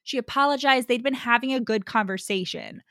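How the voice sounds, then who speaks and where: High-voiced woman chatting animatedly. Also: brisk, smooth, dry recording, clean studio sound. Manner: animated, laughs often, swears casually. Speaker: book podcast co-host. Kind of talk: casual chat.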